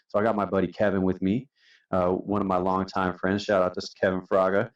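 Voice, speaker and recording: Laid-back male podcast guest with a very low voice, sounding a bit distant and muffled. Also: flat delivery, a little fast. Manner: laid-back, says "man" and "dude" a lot. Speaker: podcast guest, company founder. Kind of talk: casual storytelling. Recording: distant, dull-sounding mic.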